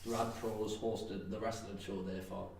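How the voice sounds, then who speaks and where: A man's voice: lowish voice, little pitch movement, unhurried, a little mellow. A male wrestler with a North East English accent, chatting casually on a podcast, rambling with lots of fillers and restarts and laughing often. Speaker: professional wrestler, guest. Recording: echoey, distant mic with faint noise.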